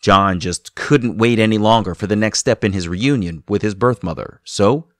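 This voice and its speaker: A man hosting a podcast, narrating a guest's story in measured scripted passages between clips. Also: lowish voice, no echo, clean studio sound. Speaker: podcast host.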